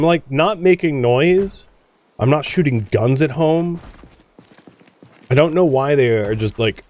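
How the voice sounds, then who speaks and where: A man's voice: medium pitch, darkish tone. A man hosting a let's play, chatting casually through gameplay, exclaiming and grumbling at the game.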